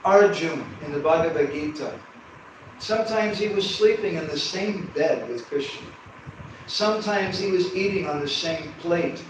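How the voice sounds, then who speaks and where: A man telling a devotional story in an animated way, with humorous asides to his audience. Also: on the high side, normal speed. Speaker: storyteller speaker. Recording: echoey hall from far off, background hum.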